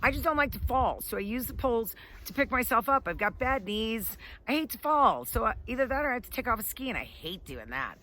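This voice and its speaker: Bright, laughing woman storyteller outdoors. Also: fairly high pitch, fairly quick. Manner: animated, laughing often. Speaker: ski instructor. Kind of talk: casual storytelling. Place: outdoors on a ski slope.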